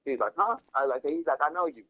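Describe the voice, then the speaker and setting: Husky man telling a rambling story. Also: fairly high pitch, lively intonation, fast talker, phone-quality sound. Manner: rambling, repeats himself, heavy slang and cursing. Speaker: storyteller streaming a game. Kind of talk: casual storytelling.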